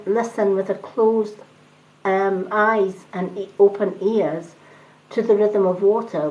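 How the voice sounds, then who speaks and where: A middle-aged woman speaks gently and chattily to live viewers, giving spiritual readings at an even, middle pitch. The sound is dull and lo-fi, like phone audio. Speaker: tarot reader on a live stream.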